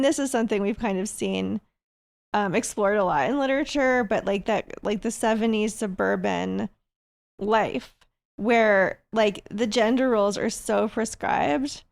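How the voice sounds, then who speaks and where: A woman co-hosting a podcast, chatting casually about a TV series and chiming in with quick agreement and laughter. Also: a little high, creaky. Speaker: podcast co-host. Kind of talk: casual chat about a TV show.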